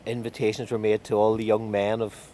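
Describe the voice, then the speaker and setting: A man telling a folk tale in a lively, wry way with drawn-out emphasis. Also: fairly low pitch, slight background noise. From County Tyrone. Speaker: storyteller.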